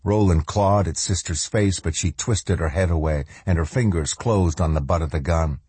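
A man with a low, husky voice narrates an audiobook in a measured, dramatic way, easing his pace when the story grows tense. His tone is dark and mellow, and the recording is close and dry. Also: no echo. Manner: measured, slows for dramatic moments and voices the characters' lines.

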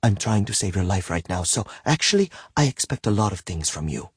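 A man voicing a calm, curt young woman in an audiobook, speaking matter-of-factly. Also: low voice, a little fast, slightly rough, no echo, studio quality, full character voice. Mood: dry, blunt. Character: cool-headed young woman, dry and blunt. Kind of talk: audiobook character voice.

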